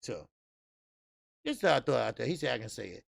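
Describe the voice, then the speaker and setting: A man's voice: medium pitch, big pitch swings, a little fast, vocal fry, no room sound. A man hosting a casual boxing talk show, loose and profane, laughing at his own stories. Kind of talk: casual solo boxing commentary.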